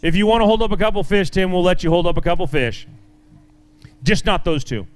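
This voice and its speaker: A man's voice: high voice, expressive, brisk. A man emceeing a fishing tournament weigh-in, announcing weights in an upbeat way and joking with the anglers.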